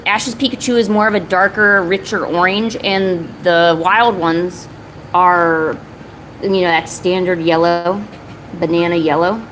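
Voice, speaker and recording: A woman's voice: on the low side, fairly even intonation, unhurried, a bit bright, a little hiss or hum, poor audio. A woman chatting casually on her art live stream, talking to viewers and cooing at her cat between drawing. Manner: chatty, coos baby talk to her cat.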